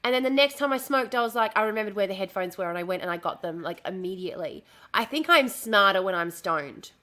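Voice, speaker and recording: A woman's voice: mid-range voice, lively intonation, fast talker, bright, forceful tone. A woman live-streaming casually from home, talking in a chatty, easily distracted way, swearing and restarting her sentences.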